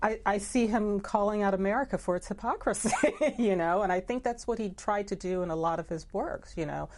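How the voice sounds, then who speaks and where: A woman's voice: mid-range voice, a little fast, a little mellow. A woman who works as a newspaper editor, speaking reflectively in an interview, with many "you know" asides. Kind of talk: conversational interview.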